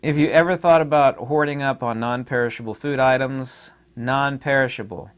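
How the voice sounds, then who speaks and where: A man's voice: medium pitch, fairly even intonation, moderate pace, clear, resonant tone. A man talking to his audience in a casual solo monologue, rambling and emphatic, with many fillers and restarts. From United States. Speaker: online commentator.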